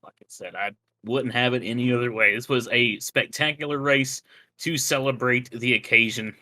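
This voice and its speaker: A man's voice: medium pitch, steady tone, normal speed, bright, forceful tone, dry recording. A man commentating a racing stream in an upbeat, easygoing way, often repeating himself. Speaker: race commentator. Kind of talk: casual race commentary.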